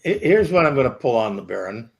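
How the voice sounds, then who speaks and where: A man's voice: medium pitch, very animated, fast talker, gravelly. A man co-hosting a podcast, teasingly telling stories about his friend in casual chat. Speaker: podcast co-host.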